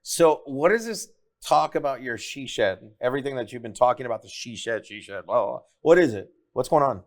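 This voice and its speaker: A man's voice: medium pitch, lively intonation, a little fast. A man as a guest on a casual chat show, laid-back and laughing as he tells stories. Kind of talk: casual storytelling.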